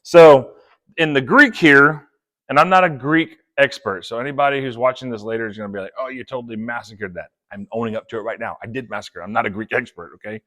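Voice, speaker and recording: A man preaching a sermon, playful and chatty, acting out quick quoted asides. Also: medium pitch, fairly bright tone. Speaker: pastor.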